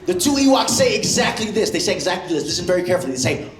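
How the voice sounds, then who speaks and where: A man doing a stand-up comedy set in a comedy club, animated and jumping into loud impressions. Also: high voice, racing, roomy sound.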